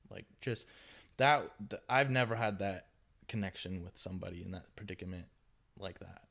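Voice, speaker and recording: A young man hosting a podcast, telling a story in casual chat, animated and swinging between loud bursts and hushed asides. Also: deep voice, moderate pace, vocal fry. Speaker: podcast host.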